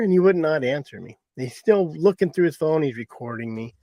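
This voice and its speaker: A man's voice: on the high side, expressive, fairly quick, hardly any pauses, darkish tone, dry recording. A middle-aged man, rambling through a hunting story in a folksy way and laughing at it himself. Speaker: hunting guide. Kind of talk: casual storytelling.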